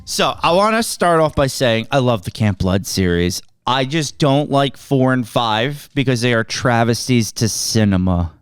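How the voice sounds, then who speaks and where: A man's voice: medium pitch, expressive, a little slow, few pauses, smooth, dry recording, faint music behind. A man co-hosting a movie review podcast in casual chat, who often repeats words as he gets going. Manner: repeats words as he starts sentences. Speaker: podcast co-host.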